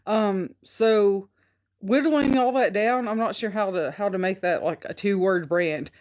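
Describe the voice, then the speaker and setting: A woman's voice: mid-range voice, a little slow, a little mellow. A woman with a Southern US country twang calling into a live podcast, hesitant and searching for words with many ums. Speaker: audience caller.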